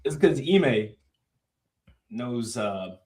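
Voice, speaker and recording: A man co-hosting a casual sports podcast, talking in a relaxed, slangy way with drawn-out fillers. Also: medium pitch. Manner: laid-back, slangy, drawn-out filler words. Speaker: podcast co-host.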